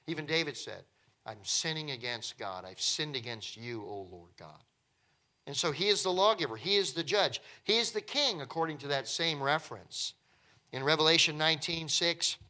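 A middle-aged man preaching a sermon, animated, acting out the people in the text with sudden jumps in voice. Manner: animated, acts out biblical speakers with pitch jumps. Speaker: pastor.

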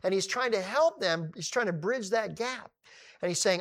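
Animated male preacher retelling a story. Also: sits high, moderate pace. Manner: animated, acting out quoted dialogue. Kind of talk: sermon.

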